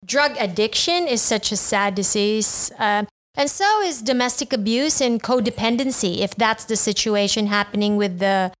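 A woman's voice: mid-range voice, normal speed. A woman co-hosting a casual podcast, reacting animatedly to news and cracking puns. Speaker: podcast co-host.

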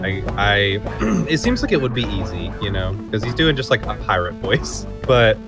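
A man co-hosting a podcast, chatting in an easygoing way and thinking out loud. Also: lowish voice, big pitch swings, normal speed, over loud music. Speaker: podcast co-host. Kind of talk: casual chat.

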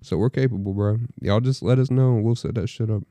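A man's voice: on the low side, fast talker, dry recording. Laid-back young man, slangy chat. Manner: animated, slangy, swears a lot. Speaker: podcast co-host. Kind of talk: casual chat.

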